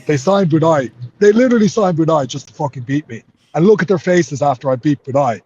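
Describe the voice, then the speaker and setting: A man's voice: fairly high pitch, lively intonation, a little fast, darkish tone, slightly rough, highs cut off. A man with an Irish accent, a fighter in an interview, talking heatedly and swearing a lot. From Ireland. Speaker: MMA fighter.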